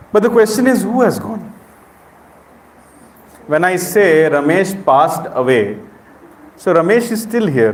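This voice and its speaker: A man's voice: mid-range voice, a little mellow, slight background noise. A middle-aged man with an Indian accent giving an interactive spiritual lecture, questioning the audience directly. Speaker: spiritual speaker. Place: temple hall with audience. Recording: echoey hall.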